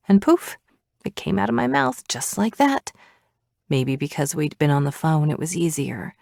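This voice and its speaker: A woman narrating a first-person romance audiobook in an expressive way, slipping into breathy asides. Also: low-pitched, moderate pace, no echo, clean studio sound.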